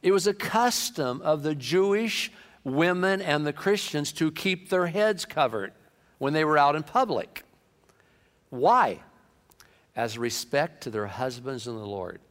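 A man preaching a sermon in a lively manner, acting out comic quotes and voices. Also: fairly high pitch, measured pace. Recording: long hall reverb.

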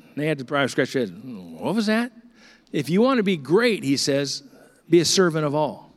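Animated storytelling pastor, a man. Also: a little high, normal speed. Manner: storytelling, acts out dialogue with animated swings. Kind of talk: sermon.

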